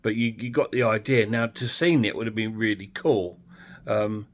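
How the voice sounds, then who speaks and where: A man's voice: lowish voice, moderate pace. A man chatting bluntly and ramblingly as he reviews a film for his channel. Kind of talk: casual film review vlog.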